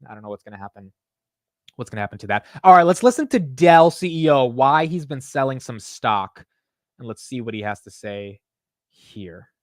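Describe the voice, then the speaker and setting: Excitable man with a lively voice. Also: medium pitch, normal speed, no room sound, studio quality. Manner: excitable, swears freely, mimics others. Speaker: market livestream host. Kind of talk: casual market commentary.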